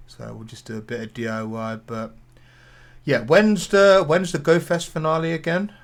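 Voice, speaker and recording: A man's voice: on the high side, fairly even intonation, moderate pace. Rambling chatty man. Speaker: podcast co-host. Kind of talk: casual chat.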